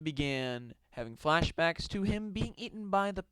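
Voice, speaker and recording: A man's voice: on the high side, lively intonation, measured pace, a bit bright, clean tone, no room sound, soft background music, rough recording. A young man reading out a silly story with mock drama and rambling asides.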